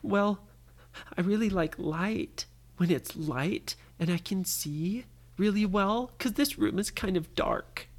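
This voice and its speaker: A storyteller voicing a timid little girl adventurer in a bedtime story, with a high, shaky, stammering voice. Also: takes it slowly. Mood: wondering.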